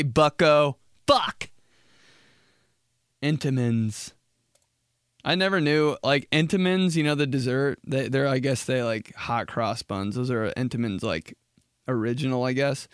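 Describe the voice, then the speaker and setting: A young man rambles through a solo comedy podcast, cursing and jumping into little acted-out exchanges. His voice sits at a middling pitch. The sound is close and dry, with no room around it. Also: clear, resonant tone, no echo. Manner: rambling, profane, acts out quick mock exchanges. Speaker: podcast host. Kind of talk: casual comedic monologue.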